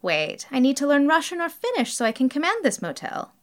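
A brash, eager young man, as a woman reading puts him on, rushing ahead with blunt, impatient remarks. His voice springs up and down with lively energy. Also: high voice, voice pushed up. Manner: impatient, blunt, name-calling.

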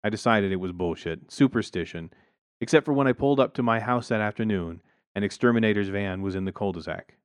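A man's voice: lowish voice, fairly quick, smooth, no echo. A man narrating a first-person story in a dry, wry way on a close mic.

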